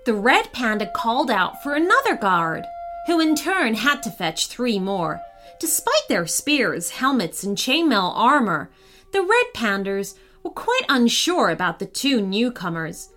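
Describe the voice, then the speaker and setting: A woman storyteller narrating a children's story in a gentle, expressive way. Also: a little high, measured pace. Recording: soft background music.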